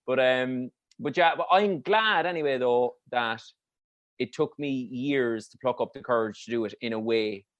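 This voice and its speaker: A man, a comedian, muses in a middle-pitched voice and laughs easily. The recording sounds dry and close. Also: normal speed, fairly bright tone, no echo, dull audio. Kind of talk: casual chat.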